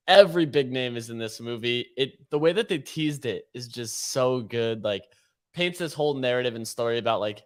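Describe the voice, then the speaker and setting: A man co-hosting a podcast in casual chat, excitable and slangy, saying "dude" a lot. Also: medium pitch. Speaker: podcast co-host.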